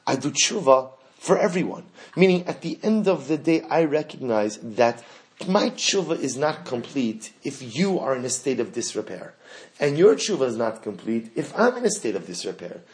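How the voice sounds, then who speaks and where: A man teaching a Torah class, animated and rising to impassioned pleading, sprinkling Hebrew and Yiddish terms through his English. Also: medium pitch, moderate pace. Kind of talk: Torah lecture.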